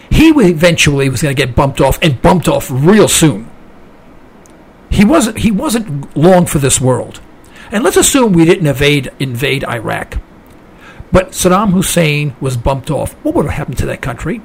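A fired-up man rants on his talk radio show, stumbling and restarting as he pushes his point. His voice is gravelly and a bit husky, sits slightly high, and swings widely in pitch. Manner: heated, rambling, with many restarts and rising outbursts. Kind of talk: impassioned political radio monologue.

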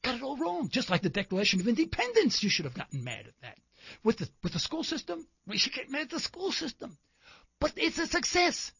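A man's voice: extremely high pitch, wildly swooping pitch, brisk, creaky, fairly bright tone, slightly rough, no echo, lo-fi sound. A man hosting a talk show, delivering an impassioned political commentary monologue full of rhetorical questions and indignant emphasis.

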